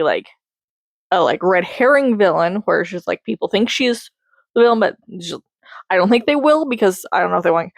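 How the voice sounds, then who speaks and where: A young woman rambling casually through a movie review, chatty and excitable, laughing often. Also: mid-range voice, dry recording.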